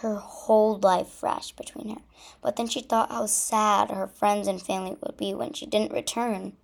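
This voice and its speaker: A woman reading a children's story aloud as storyteller, in a gentle read-aloud way. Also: medium pitch, flat delivery, normal speed, creaky.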